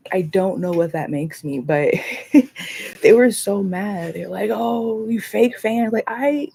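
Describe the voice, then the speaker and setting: A woman hosting a casual livestream chat, rambling and animated, swearing freely and laughing often. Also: on the low side. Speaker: livestream host.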